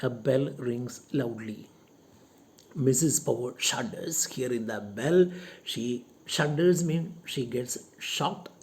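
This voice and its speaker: A teacher explaining a play to a class, paraphrasing each line slowly and repeating points in simple words. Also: mid-range voice.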